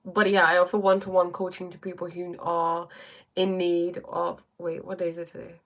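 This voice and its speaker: A woman life coach in casual livestream chat, talking fast and thinking aloud as she answers viewers. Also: lowish voice, completely flat delivery, a bit bright.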